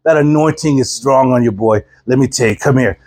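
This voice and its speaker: A man's voice: medium pitch, fairly quick, a little mellow, pitched below the performer's own voice, lightly acted. A man voicing a laid-back older hippie surfer pastor who talks in drawling surfer-dude slang. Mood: excited, laid-back.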